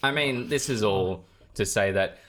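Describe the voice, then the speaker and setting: A man's voice: lowish voice, unhurried, a bit bright. A man hosting a casual film chat, steering the topic and reading facts aloud. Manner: leads the talk, reads facts aloud.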